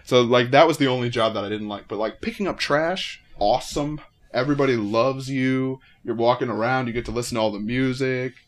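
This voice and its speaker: A man's voice: medium pitch, brisk. A man co-hosting a podcast, chatting in an easygoing way with frequent "uh"s in a home basement. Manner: relaxed, easygoing, with frequent fillers. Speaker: podcast co-host. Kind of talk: casual chat among friends.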